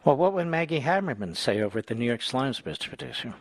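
A man's voice: medium pitch, expressive, quick pace, no echo. Sarcastic talk radio man, dry sound. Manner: sarcastic, mocking, bursts into shouted insults. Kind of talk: combative talk radio commentary.

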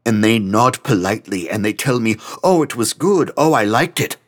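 A man's voice: fairly low pitch, animated, moderate pace, pitched above the performer's own voice. A man voicing a volatile young male musician who talks in a raised, agitated, intense way.

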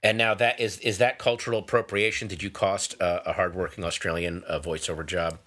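A man co-hosting a casual podcast, teasing his co-host and telling stories with lively energy. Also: sits low, brisk. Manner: teasing, animated storyteller. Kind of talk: casual chat.

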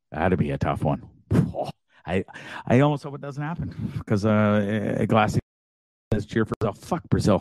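A man from Canada hosting a live show, ranting in a profane, blustery way that swings into shouted outbursts. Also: lowish voice, no echo. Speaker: show host.

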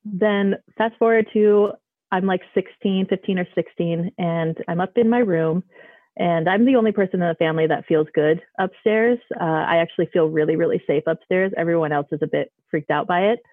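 A woman's voice: lowish voice, moderate pace, no room sound. A woman phones in to share a story, talking casually and rambling with plenty of fillers and restarts. Her voice comes through a narrow, tinny phone line with no room sound at all. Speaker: caller. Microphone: phone call.

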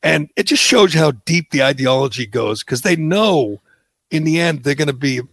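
A man's voice: on the high side, lively intonation, moderate pace, vocal fry, a bit bright, no echo. A man hosting a podcast in casual political chat, rambling and sarcastic with many restarts. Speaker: podcast host.

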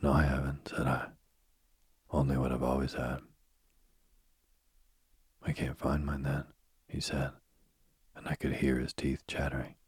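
Super deep husky guy reading a ghost story low and slow, mostly whispering, dry close sound. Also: completely flat delivery, no room sound. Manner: hushed, often whispered delivery. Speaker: narrator.

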